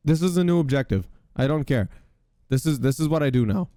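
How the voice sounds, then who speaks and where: A young man talks over his gameplay, loud and easily excited, with plenty of swearing. His voice leaps up and down constantly as he reacts. The sound is close and dead, with no room around it. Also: medium pitch, a little fast, no room sound. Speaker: podcast host. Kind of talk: gaming commentary.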